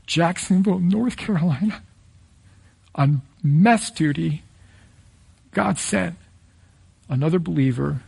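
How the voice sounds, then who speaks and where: A middle-aged man preaching a sermon as pastor, earnest and animated, with direct appeals to the listeners. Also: on the high side.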